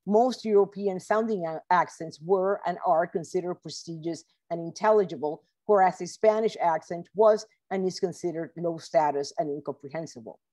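A woman professor reads her academic talk in a measured, careful way, her voice sitting slightly low. Now and then she stops to correct herself mid-phrase. She is heard over a video call. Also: mellow. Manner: measured reading with occasional self-corrections. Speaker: professor giving a book talk. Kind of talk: academic lecture read from a script.

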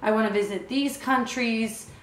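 A woman's voice: on the high side, moderate pace. A young woman vlogging about her travels in a casual, chatty way, peppered with filler words. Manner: chatty, many filler "like"s, acts out quoted dialogue. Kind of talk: casual chat. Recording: echoey room.

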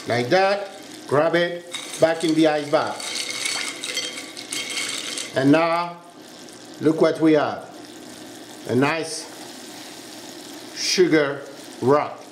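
A man's voice: a little high, roomy sound, slight background noise. A man with a French accent, a pastry chef giving a step-by-step cooking demonstration in a kitchen. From France. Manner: instructive, step-by-step, checks in with "huh?".

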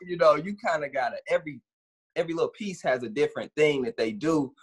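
A man's voice: fairly high pitch, fast, husky. A man from Gary, Indiana, co-hosting a podcast, talking casually in an easygoing, rambling way. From Gary, Indiana, USA. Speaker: podcast co-host. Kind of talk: casual chat.

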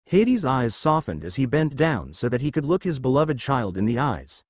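A man narrating a fan fiction story in a steady storytelling read. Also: mid-range voice, normal speed, hardly any pauses, no room sound.

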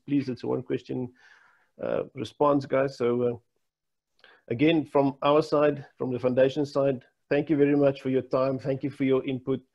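Male moderator, mid pitch, polite and halting, muffled video-call sound. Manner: polite, hesitant with fillers. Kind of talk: online panel moderation.

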